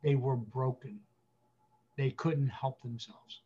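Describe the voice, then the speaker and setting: A man speaking as a guest pastor, giving earnest counsel with emphatic repetition, slowing down to stress key phrases. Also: mid-range voice, warm tone, husky, lo-fi sound.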